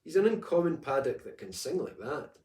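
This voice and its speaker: A man's voice: medium pitch, very animated, fairly quick, darkish tone, pitched above the performer's own voice, natural voice. A man doing a kind-hearted old widow. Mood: kindly. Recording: echoey room, distant mic.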